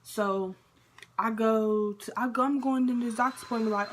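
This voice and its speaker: A woman's voice: fairly high pitch, steady tone, moderate pace. A young woman casually telling a personal story to camera, full of fillers like "basically" and "like" and acted-out dialogue. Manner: chatty, lots of fillers and quoted dialogue. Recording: faint background noise.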